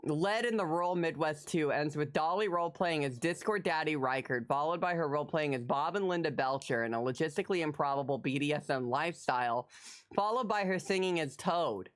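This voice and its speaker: Streaming live, this thirties-aged woman talks casually with her audience at a brisk clip. Her mood leaps between squealing excitement and quiet, muttered asides.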